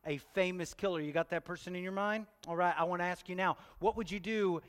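A man's voice: high voice, fairly even intonation, brisk, fairly bright tone. A pastor, preaching a sermon and joking with his congregation, asking them question after question. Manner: playful, talks straight to the congregation with questions. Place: church hall. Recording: long church hall reverb.

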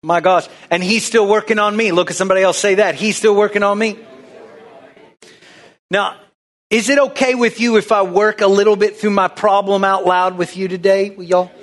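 A man's voice: high-pitched, steady tone, moderate pace, fairly bright tone. A man preaching a folksy, conversational sermon, drawing the congregation into call-and-response. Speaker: pastor.

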